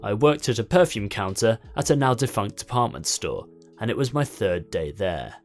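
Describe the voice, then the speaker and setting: Male narrator, lower voice, lively story delivery, soft music under him. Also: normal speed. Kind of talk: reading a story aloud.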